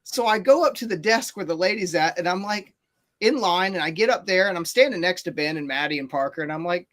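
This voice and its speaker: A man telling a long story on a casual podcast, animated and rambling, with many fillers and restarts. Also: sits high, fast talker.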